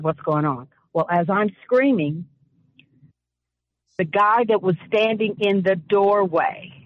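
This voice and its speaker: Heard through dull, lo-fi radio audio, a mid-range female voice delivers passionate talk-show commentary alongside a personal story. She speaks with deliberate emphasis, repeats phrases, and the recording is dry.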